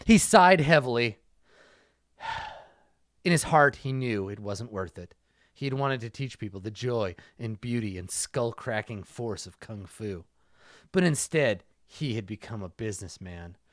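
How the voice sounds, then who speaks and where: A man's voice: medium pitch, no echo, clean studio sound. A man doing a comedic dramatic reading of a game book, now and then breaking off with playful comments.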